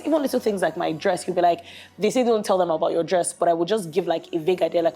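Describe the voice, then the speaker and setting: A woman's voice: lowish voice, fast talker, faint music behind. A young woman from Nigeria, a guest, telling a story in casual chat with lots of "like" and "literally". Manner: animated storyteller who often says "like" and "literally". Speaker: guest bride.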